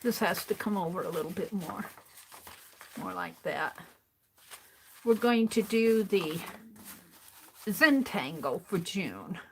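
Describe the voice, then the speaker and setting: A woman with a fairly low, lively voice hosts a casual art journaling stream from her craft desk, with slight background noise. She takes it slowly and pauses often, chatting and thinking aloud as she works and frequently repeating her own phrases.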